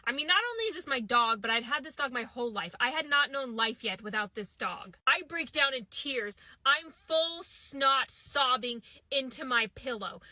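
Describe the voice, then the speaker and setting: A young woman telling a comic storytime monologue, acting out the people she quotes with animated shifts in her voice. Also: sits high, dry recording.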